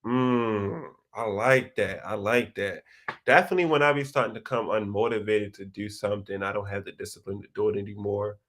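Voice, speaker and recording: A young man hosting a live chat, reading viewer comments and telling stories in a slangy, animated way. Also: brisk. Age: young adult. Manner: animated, slangy storytelling with big pitch jumps. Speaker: host of a live chat session.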